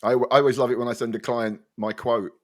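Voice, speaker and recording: A man co-hosting a casual chat, quick and jokey, often mocking himself. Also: mid-range voice, steady tone. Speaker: co-host.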